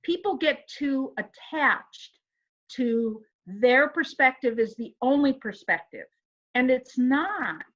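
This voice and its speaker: A woman's voice: high-pitched, expressive, slow, fairly bright tone, muffled recording. A woman co-hosting a casual inspirational chat, earnest and emphatic, who asks rhetorical questions. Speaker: co-host.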